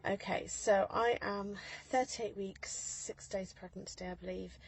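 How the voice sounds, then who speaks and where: A woman's voice: mid-range voice, steady tone, measured pace, gravelly, slightly rough, rough recording. A woman in her thirties talks into her phone from a parked car in a casual vlog, chatty and rambling with many ums and laughs. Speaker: mother vlogger.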